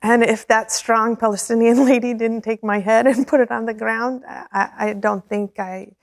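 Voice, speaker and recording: A woman's voice: a little high, steady tone, normal speed, no room sound, clean studio sound. A middle-aged woman as an interview guest, telling her personal story earnestly, repeating words and laughing often.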